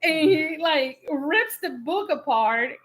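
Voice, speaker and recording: A woman with a bright, high voice tells a story from her marriage in a live Q&A. She is animated and plays out both sides of an old argument, breaking into laughter. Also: slow pace, poor audio. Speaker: co-host telling a marriage story.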